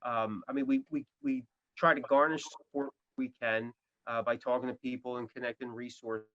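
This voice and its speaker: A man's voice: mid-range voice, expressive, moderate pace, fairly bright tone. A man speaks as an interview guest, a guitarist talking over his band's business in a loose, rambling way. He restarts often and leans on fillers. The audio is dull and lo-fi. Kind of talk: casual interview talk.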